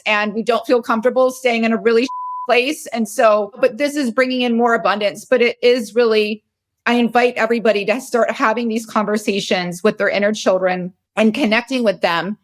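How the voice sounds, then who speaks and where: A woman's voice: a little high, fairly even intonation, moderate pace. A woman in her forties hosting a podcast, telling a personal story in a candid, emotional, rambling way, and sounding very tired. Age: 40s. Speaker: podcast host.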